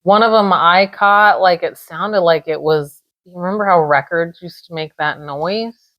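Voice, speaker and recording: A woman co-hosting a podcast, answering calmly and matter-of-factly in casual chat. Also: on the low side, unhurried, dry recording, rough recording. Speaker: podcast co-host.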